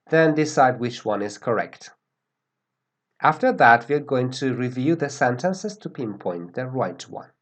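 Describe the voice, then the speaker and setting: Slow, lively-voiced male English teacher. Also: medium pitch. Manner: slow, deliberate, repeats words for pronunciation. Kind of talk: grammar lesson.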